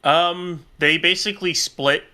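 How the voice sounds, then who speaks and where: A man's voice: sits high, fairly even intonation, a little slow, bright, forceful tone. A man co-hosting a live stream, casually explaining technical details with frequent fillers and restarts. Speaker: co-host answering questions.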